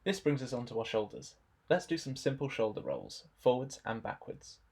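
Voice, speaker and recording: A young man narrating a stretching warm-up demonstration in a relaxed instructional voice-over, adding dry jokes. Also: medium pitch, a little fast, creaky, soft background music. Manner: dry, joking asides.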